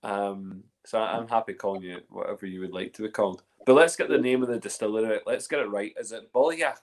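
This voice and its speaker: A man hosting a casual livestream chat, excitable and chatty, tripping over names. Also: fairly low pitch, fast talker. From Northern Ireland. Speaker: host.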